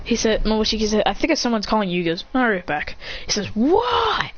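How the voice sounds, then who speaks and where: Rapid-fire and fairly bright in tone, this mid-range storyteller rambles casually through a fan story, repeatedly restarting sentences and performing the characters' lines. The audio is dull lo-fi with a faint hiss.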